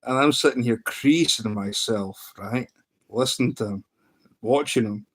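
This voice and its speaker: A man's voice: mid-range voice, unhurried. A man hosting a livestream, telling a story in a rambling, amused way with lots of restarts. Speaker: livestream host. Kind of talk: casual livestream chat.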